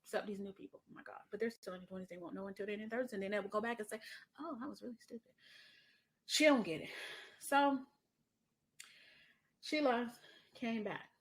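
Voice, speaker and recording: A middle-aged woman hosting a podcast, telling a story in a chatty way, calling her listener honey and dropping into soft asides. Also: mid-range voice, quick pace, pauses often. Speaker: podcast host. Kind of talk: casual podcast monologue.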